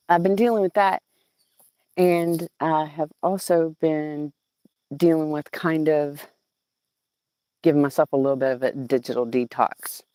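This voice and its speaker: A woman's voice: deep voice, no room sound. A woman from southeastern Virginia with a Southern accent, chatting casually and animatedly to viewers on a phone as she walks her garden. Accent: Southern American. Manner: chatty and animated, cooing at plants and greeting viewers. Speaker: gardening vlogger. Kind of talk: casual live-stream chat. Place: outdoor home garden. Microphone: old phone.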